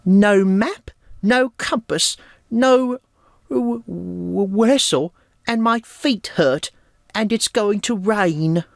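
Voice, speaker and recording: A man voicing a clumsy, anxious male cartoon dog in a high, whiny voice. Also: drawn-out words, creaky, dry recording, clean studio sound, exaggerated voice.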